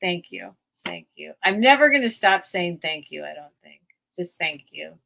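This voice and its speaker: A woman hosting a live sale stream, rambling and emotional as she thanks her viewers in halting phrases. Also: fairly low pitch, animated, creaky, fairly bright tone. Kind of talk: casual livestream sign-off.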